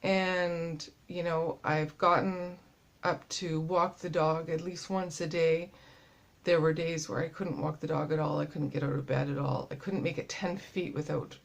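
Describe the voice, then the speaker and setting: A woman in her thirties talks straight to her viewers in a casual video diary. Her voice sits a little low, and she sounds winded and run down. She speaks haltingly, with frequent pauses and fillers. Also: little pitch movement, gravelly. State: winded, tired from illness. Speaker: vlogger.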